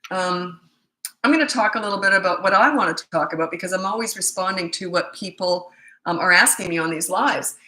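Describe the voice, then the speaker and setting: A woman's voice: mid-range voice, bright, forceful tone. Emphatic woman parenting coach, echoey room. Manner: chatty and emphatic, answering viewer questions. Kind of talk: live Q&A advice chat.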